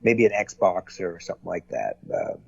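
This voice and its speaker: A man's voice: deep voice, big pitch swings, moderate pace, vocal fry, darkish tone, husky, no echo. A man who is an actor and producer, chatting as a guest in an interview in a rambling, folksy way, on a dull lo-fi recording. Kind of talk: casual interview chat.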